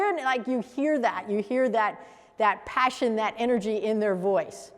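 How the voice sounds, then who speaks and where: A woman leading a coaching workshop for a live group, animated and acting out example voices as she teaches. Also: on the high side, moderate pace. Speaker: coach trainer. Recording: echoey hall reverb.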